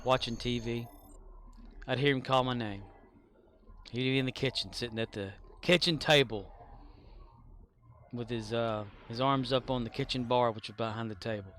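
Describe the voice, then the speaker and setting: A man chatting on a game stream, mid-pitched and unhurried, drifting through stories with fillers and restarts. A faint hum of ambient noise sits under him. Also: a bit bright. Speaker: livestreamer. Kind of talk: casual storytelling on a game stream.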